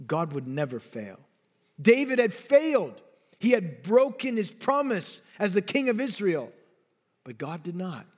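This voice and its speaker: High-voiced man preaching emphatically. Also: a little mellow. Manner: emphatic, dynamic delivery with sudden drops and bursts. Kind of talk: expository sermon.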